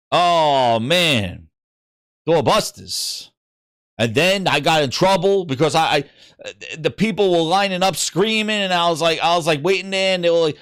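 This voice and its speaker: Animated, swearing male gaming host. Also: on the high side, normal speed, dry recording, studio quality. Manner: animated, swearing, acts out voices in anecdotes. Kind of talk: casual livestream storytelling.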